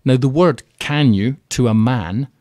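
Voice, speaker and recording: A man chats easily in a radio studio, sharing views as a keynote speaker. His delivery is animated and he slips into quoting others. The sound is dry and close, with a mid-range voice. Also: mid-range voice, a little slow, no room sound. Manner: chatty and animated, acts out quotes. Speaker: radio guest, keynote speaker on property finance. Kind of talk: conversational radio interview.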